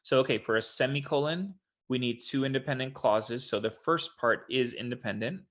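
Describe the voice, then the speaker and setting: A man talking through test questions in a relaxed, conversational way, like a tutor walking a student through the answers one choice at a time. His pitch sits in a plain middle range. He is recorded on a desktop mic in a home office. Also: normal speed. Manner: casual, explanatory, quotes examples in a put-on voice. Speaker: SAT tutor. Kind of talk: online test prep walkthrough.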